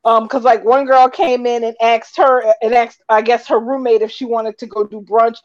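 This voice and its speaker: A woman co-hosting a soap opera chat show, recapping episodes with animated retellings and acted-out quotes. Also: fairly high pitch, normal speed. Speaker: soap opera podcast co-host. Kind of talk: casual chat. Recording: dull lo-fi audio.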